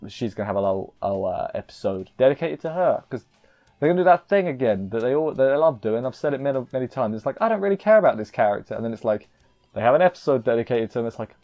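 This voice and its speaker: Brief: male anime reviewer, mellow voice, chatty self-deprecating recap, lo-fi mic, faint music under. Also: medium pitch. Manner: rambling, self-deprecating, jokey asides. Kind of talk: casual episode recap.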